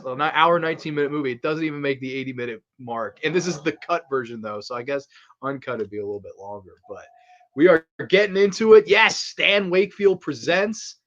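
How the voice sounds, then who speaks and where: Crude excitable man with a dull lo-fi mic. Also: medium pitch. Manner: excitable, crude, laughs often. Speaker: fan commentary host. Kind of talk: casual movie commentary. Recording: slightly dull lo-fi audio.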